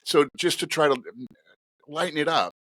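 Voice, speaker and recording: A middle-aged man, a retired police officer, telling stories on a podcast in a casual, animated, profane way. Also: normal speed, no room sound. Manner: animated, profane, swinging pitch while telling a story.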